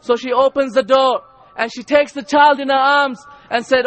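Male preacher, very high voice, impassioned sermon, repeats himself, rises to shouts. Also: steady tone, moderate pace. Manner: impassioned, repetitive, rising to shouts.

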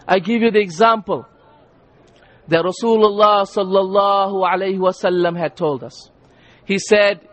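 A male preacher giving an impassioned sermon, repeating lines and rising to shouts. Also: high-pitched.

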